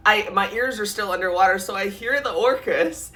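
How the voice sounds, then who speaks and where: A woman tells a storytime vlog in a bright, sharp voice. She talks in breathless, animated runs packed with "like" and jumps suddenly higher when the fear comes back. At times she sounds close to tears. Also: moderate pace. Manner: animated, breathless retelling full of "like", jumps in pitch when scared. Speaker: vlogger.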